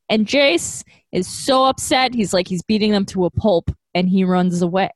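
A woman's voice: mid-range voice, normal speed, no room sound. A woman co-hosting a casual podcast, telling the story with animation and slipping into the characters' voices. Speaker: podcast co-host.

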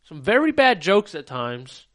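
A young man co-hosting a podcast, needling his friend with deadpan teasing. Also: on the high side, unhurried. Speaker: podcast co-host. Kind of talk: casual podcast banter.

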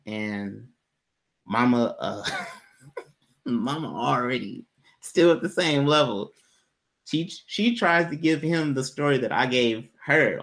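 A man telling a personal story in casual podcast chat, animated, laughing often and jumping high when quoting himself.

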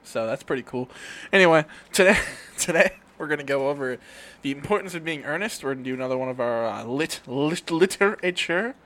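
A man's voice: on the high side, expressive, fairly quick, a bit bright. A man co-hosting a podcast in a casual, rambling chat, often laughing and restarting his sentences with fillers. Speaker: podcast co-host.

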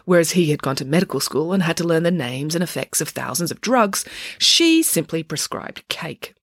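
Woman, storybook narrator, husky, lively pitch, wry, dry close sound. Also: moderate pace, dry recording. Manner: wry and expressive. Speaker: audiobook narrator.

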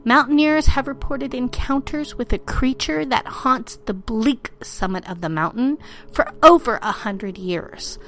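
A woman hosting a spooky storytelling podcast in a playful, theatrical way, dropping into whispers and laughing at herself. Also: on the high side. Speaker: podcast host.

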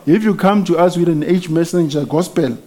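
High-voiced man preaching a sermon. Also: a little fast, warm tone. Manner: emphatic, frequent hallelujahs and amens, rising to exclamations.

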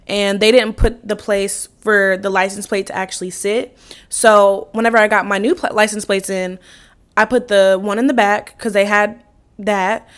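A young woman with a fairly high voice tells a story on her podcast. She talks casually and swears freely. She acts out every line of dialogue with lively emphasis. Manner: animated, profane, acts out quotes with laughs. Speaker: podcast host.

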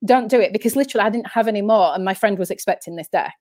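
A woman's voice: medium pitch, very fast, darkish tone, no echo. A woman with a northern English accent, telling stories as an interview guest in a rambling, chatty way that keeps restarting sentences. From northern England. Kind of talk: casual interview chat.

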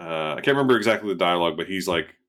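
Low-voiced man, dry and weary. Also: animated, rapid-fire, creaky, a bit bright. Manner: dry, weary, trails off, many filler likes. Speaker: podcast co-host. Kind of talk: casual film review chat.

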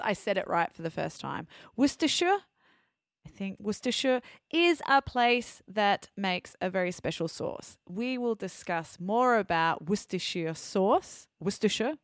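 Woman, Australian accent, podcast host, unhurried, dry close sound, explains words carefully. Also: medium pitch, clear, resonant tone, no room sound. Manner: chatty, self-correcting, explains words carefully. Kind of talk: podcast introduction for English learners.

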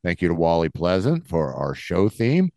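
A man's voice: deep voice, huge pitch swings, moderate pace, creaky, warm tone, no echo, studio quality. A man co-hosting a podcast in casual chat, encouraging and chuckling often. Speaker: podcast co-host.

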